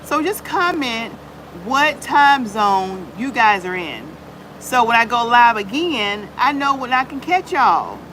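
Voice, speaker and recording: A woman's voice: fairly high pitch, animated, slow, sharp tone, a little hiss or hum, poor audio. A woman hosting a casual live chat on her channel, greeting viewers by name and peppering her talk with "y'all". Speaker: livestream host.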